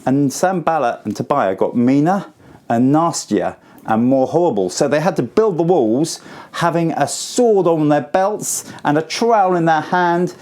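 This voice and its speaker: A man in his forties giving a school assembly talk, telling a story to children in simple, lively words. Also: fairly high pitch, unhurried. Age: 40s.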